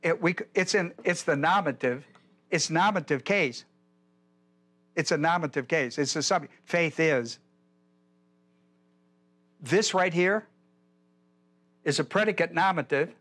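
An older male pastor leads a Bible study with a voice sitting a touch high for a man. He teaches in a folksy, rambling way, stopping to repeat himself as he works through a point. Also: unhurried, pauses often, fairly bright tone. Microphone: whiteboard lecture in a church.

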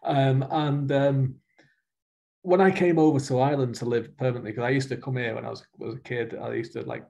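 A man's voice: medium pitch, a little fast, creaky. A man with a Mancunian accent hosting an author interview over a video call, chatty and rambling. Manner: chatty, rambling, animated with hands. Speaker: podcast host.

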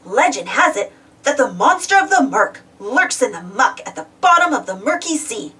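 A woman's voice: on the high side, very animated, moderate pace, bright, forceful tone, breathy edge, distant mic, exaggerated voice. A woman voicing an earnest young male legend hunter in a storybook read-aloud, set back from the mic. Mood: explaining. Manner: earnest, explaining.

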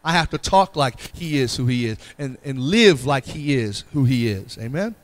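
A middle-aged pastor preaching a sermon in an earnest, repetitive way, pleading with the congregation and often asking "Amen?". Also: male voice, mid-range voice, lively intonation, normal speed.

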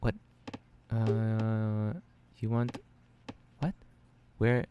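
A young man giving casual let's-play commentary on a strategy game, flustered and self-mocking, thinking out loud with many fillers. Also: on the low side, monotone, extremely slow, muffled recording, noisy background. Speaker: gaming channel host.

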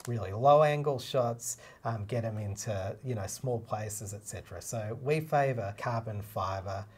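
A man, a documentary filmmaker and cinematographer, co-hosting a casual explanatory chat. He talks in a relaxed, practical way, with many fillers. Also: fairly low pitch, unhurried, husky. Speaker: co-host.

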